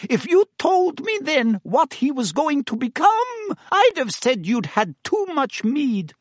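A gossipy innkeeper woman in a storybook, voiced high and bouncing all over by a man doing her voice. She sounds eager and nosy, in a close, dry recording. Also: big pitch swings, slow pace, no echo, exaggerated voice. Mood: curious. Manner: chatty, gossipy. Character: curious middle-aged female innkeeper.

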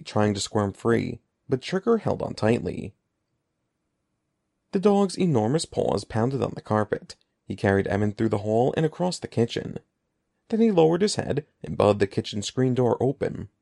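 A man telling a storybook tale with a gravelly, mellow voice. His pitch moves a lot as he builds tension, and the recording is dry and close to the mic. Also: no echo. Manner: expressive, dramatic reading. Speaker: narrator. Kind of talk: audiobook storytelling.

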